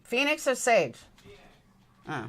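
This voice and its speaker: A woman's voice: fairly high pitch, wildly swooping pitch, takes it slowly, a bit bright. A woman with a New York accent hosting a true crime livestream, reading chat aloud and answering in a blunt, indignant way, swearing freely. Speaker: true crime commentary host.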